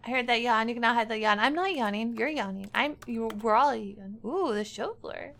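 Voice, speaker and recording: A woman streaming a game, chatting playfully with her viewers and often jumping into squealing highs. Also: fairly quick, vocal fry, fairly bright tone. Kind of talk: casual livestream chat.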